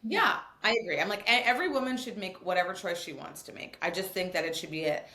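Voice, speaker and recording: A woman's voice: on the low side, fast, reverberant. Podcast guest, woman, 30s, swings her voice a lot, vivid storyteller. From Nigeria. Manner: animated storytelling, swears freely. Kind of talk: casual chat.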